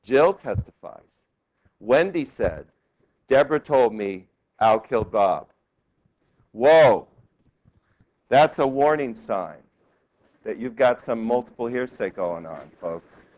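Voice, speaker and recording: A male law professor giving a classroom lecture, lively and quizzing his students with questions. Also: medium pitch, slow pace, pauses often. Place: law school lecture hall.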